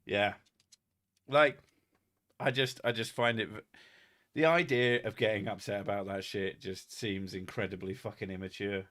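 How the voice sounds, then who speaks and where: Bright-voiced sweary bloke. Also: male voice, on the low side, steady tone, moderate pace, pauses often. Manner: sweary, laid-back banter. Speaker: streamer host. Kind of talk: casual chat.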